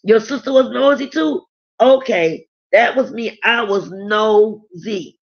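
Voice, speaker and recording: A middle-aged woman with a slightly high voice hosts a casual live stream at a slow pace, chatting candidly and reading viewer comments aloud. She rambles and restarts, and the recording sounds dull and lo-fi.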